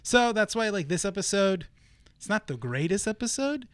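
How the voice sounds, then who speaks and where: A man's voice: sits high, very animated, normal speed, clean tone, dry recording. A man co-hosting a podcast, rambling casually with lots of fillers and laughs. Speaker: podcast co-host. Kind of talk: casual chat reviewing a TV episode.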